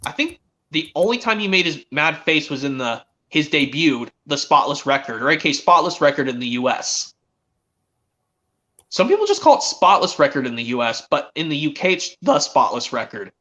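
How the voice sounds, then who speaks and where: A man hosting a stream, chatting excitedly as a fan and rambling with frequent restarts. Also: a little high, normal speed. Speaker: stream host. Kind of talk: casual fan chat. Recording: dull lo-fi stream audio.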